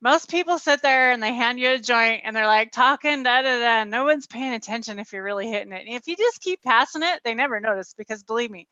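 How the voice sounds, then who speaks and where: Woman, chatty guest host, high and bright, muffled call audio. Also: animated, fast, hardly any pauses, no echo. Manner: chatty, laughs easily. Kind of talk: casual chat on a live stream.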